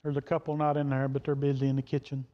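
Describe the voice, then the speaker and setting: A man's voice: medium pitch, completely flat delivery, fast. A man preaching a sermon, telling a story in a folksy, plain-spoken way and quoting the people in it. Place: church sanctuary. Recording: dull reverberant church hall audio.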